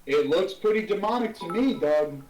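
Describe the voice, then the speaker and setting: A man's voice: high voice, expressive, moderate pace, darkish tone, roomy sound, far from the mic, soft background music, rough recording. A man voicing a brash, arrogant devil commander who talks in crude slang. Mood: contemptuous.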